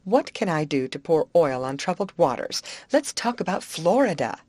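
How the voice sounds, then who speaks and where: A woman's voice: low-pitched, very animated, moderate pace, darkish tone, no room sound. A woman reading the lines of a kind teenage girl who keeps the peace among her friends. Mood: pleading. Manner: coaxing, soothing. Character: teenage girl Betty, kind peacemaker, anxious to avoid quarrels.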